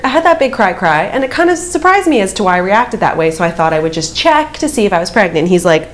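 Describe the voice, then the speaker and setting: A woman in her thirties chatting casually to camera as she tells a personal story, animated and expressive, jumping high in pitch when she acts out quotes. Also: quick pace. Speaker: vlogger.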